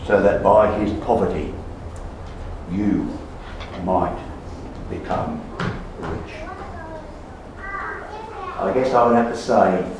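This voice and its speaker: Male preacher, mid-pitched, slow and emphatic, heavy echo, off-mic. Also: a little hiss or hum. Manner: slow, emphatic, repeats key words and trails off softly. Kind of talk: sermon. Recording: roomy echo, voice far from the mic.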